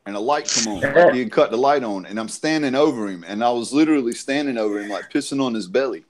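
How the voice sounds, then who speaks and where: A man's voice: mid-range voice, fast talker. A man telling a crude, laugh-filled story on a casual panel show, swearing freely. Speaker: podcast panelist.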